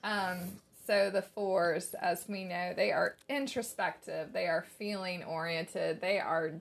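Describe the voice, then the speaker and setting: A middle-aged woman co-hosts a relaxed podcast chat, thoughtful and soft-spoken, with many fillers. Her voice has a gravelly fry, and a faint hiss sits under the recording. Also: on the low side, slow pace. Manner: gentle and reflective, many fillers. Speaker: podcast co-host. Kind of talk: casual chat.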